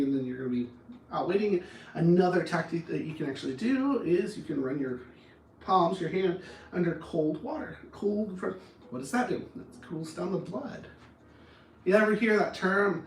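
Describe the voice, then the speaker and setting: High-voiced man coaching on anger, echoey. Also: recorded from a distance. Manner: animated, acts out arguments in different voices. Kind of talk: motivational talk on anger. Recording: roomy echo, speaker off-mic.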